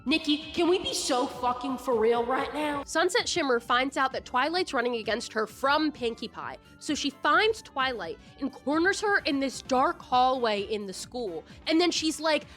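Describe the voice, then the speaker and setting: A woman recapping stories in a casual commentary, crude and joking with quick asides. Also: high-pitched, expressive, a bit bright, soft background music. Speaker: YouTube commentator.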